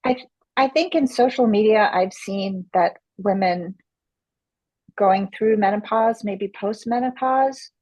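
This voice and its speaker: A middle-aged woman in a fitness class asking a question, hesitant and halting, searching for her words. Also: mid-range voice, a little mellow, no echo, rough recording. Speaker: class participant.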